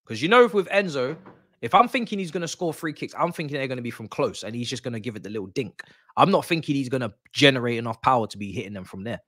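A young man reacts live during a football watch-along, excitable and slangy, swearing and repeating himself. He talks fast at a medium pitch, and the studio-quality recording has no echo.

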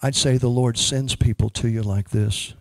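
A man's voice: mid-range voice, fairly even intonation, normal speed, a little mellow, no echo. A man ministering as a prophet, speaking emphatically and praying over a woman in church. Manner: emphatic, prays over a person.

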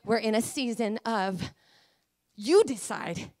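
A woman preacher with a high voice delivers an emotional sermon, moving from quiet, intimate talk to fiery declarations. The sound is dry and close, with no room echo. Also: expressive, slow pace. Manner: passionate, emotional, swinging from hushed to fiery. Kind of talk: Pentecostal-style sermon.

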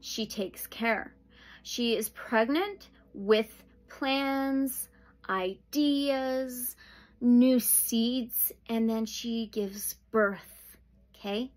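A woman giving a pick-a-pile tarot reading, slow and soothing, with sudden excited outbursts. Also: a little high. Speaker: tarot reader.

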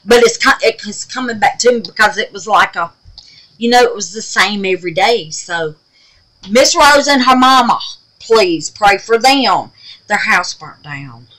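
An older woman with a drawl chats loosely through her crafting video, calling everyone honey and baby. Her voice is bright and clear at an everyday middle pitch. She wanders off topic and laughs at her own forgetfulness. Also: animated, measured pace, poor audio. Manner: affectionate, calls viewers baby and darling; rambling and self-teasing about forgetting. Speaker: crafting channel host. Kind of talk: casual chat to viewers.

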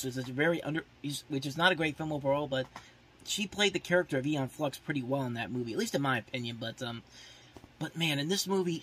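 A man with a husky, medium-pitched, slightly bright voice hosts a podcast, loosely previewing movies with plenty of "like" fillers and restarts. He's openly opinionated and fed up with the films.

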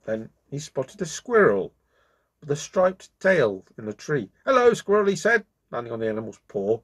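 A man hosting his own channel, reading a children's story aloud with expressive delivery. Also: medium pitch, moderate pace, breathy edge.

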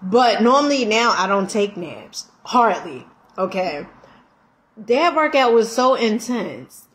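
A middle-aged woman vlogging, telling a story in a casual, animated way, laughing often, with slang and emphatic swearing. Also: a little high, takes it slowly. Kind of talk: casual storytelling chat while eating.

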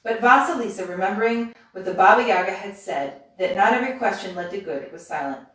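A woman reading a fairy tale aloud as a bedtime story in steady, even narration. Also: mid-range voice, fairly quick. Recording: roomy, distant mic.

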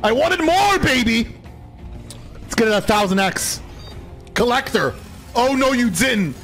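Guy yelling his head off at a casino stream, super high voice, gravelly, hoarse, faint game music under it. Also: animated, a little slow, long pauses, rough recording. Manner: screaming and laughing in disbelief at wins. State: hoarse, voice nearly gone. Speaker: slot streamer. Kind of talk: excited live-stream reaction. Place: at home.

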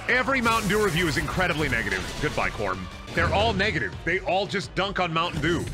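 Lively joking young man streaming a game. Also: fairly high pitch. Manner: joking, rambling, swears freely. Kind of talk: casual game stream commentary. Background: faint game music.

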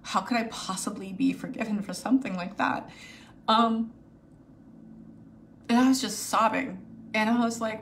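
A woman speaking to her viewers, telling a personal story in a halting, emotional way with many restarts. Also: mid-range voice, vocal fry, slight background noise. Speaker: video host sharing a personal story.

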